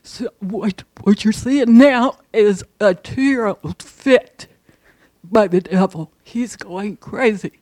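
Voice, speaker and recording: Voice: mid-range voice, slow, darkish tone, no room sound. A panelist who adds a comment about a scripture verse in a conversational way.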